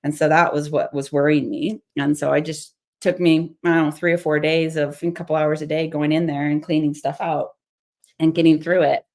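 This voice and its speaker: A woman's voice: deep voice, little pitch movement, moderate pace, a little mellow. A woman chatting casually as she demonstrates a mixed-media craft at her home table, rambling and laughing often. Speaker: craft vlogger. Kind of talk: casual crafting tutorial chat.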